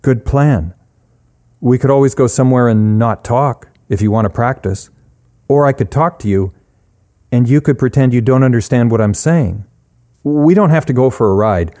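A man's voice: medium pitch, normal speed, dark tone, pitched above the performer's own voice, natural voice. A man voicing a shy, hesitant young male store clerk.

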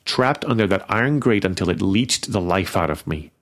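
A man voicing a cold, aloof female fairy who speaks in a measured, ominous way. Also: low voice, animated. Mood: grim.

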